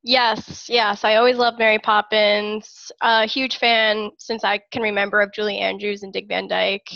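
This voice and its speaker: A woman's voice: mid-range voice, flat delivery, moderate pace, gravelly, sharp tone, no echo, highs cut off. A woman guest on a casual podcast, joking and giggly.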